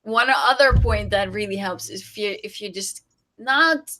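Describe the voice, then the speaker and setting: A woman guest, a sex coach, chatting casually, laughing often and agreeing with quick yeahs. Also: mid-range voice, pushed and bright. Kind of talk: casual chat.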